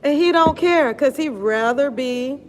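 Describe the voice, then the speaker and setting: High-voiced, unhurried woman coach. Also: background noise. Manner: animated, laughing, slangy and blunt. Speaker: wellness coach. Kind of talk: casual live-stream chat.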